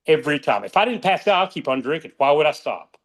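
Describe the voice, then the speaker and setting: A middle-aged man speaking with a somewhat high voice in a candid interview. He rambles, circles back and restarts his sentences as he talks. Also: sing-song, fast talker. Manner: rambling, restarts often, emotional about friends. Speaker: podcast guest, author.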